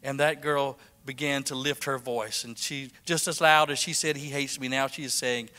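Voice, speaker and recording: A man preaching a fervent sermon, swinging from loud declarations to whispers and repeating his lines. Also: mid-range voice, fairly even intonation, normal speed, clear, resonant tone, in a large hall.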